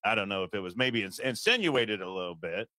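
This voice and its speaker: A man's voice: lowish voice, lively intonation, a little fast, bright, forceful tone, no echo. A man hosting a live stream in casual chat, stammering, rambling and apologizing a lot.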